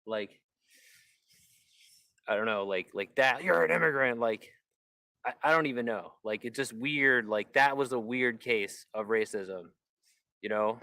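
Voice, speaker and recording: A man's voice: fairly low pitch, unhurried, pauses often, sharp tone, no room sound, clean studio sound. A man live-streaming in rambling casual chat, full of "like" fillers and restarts. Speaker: livestreamer.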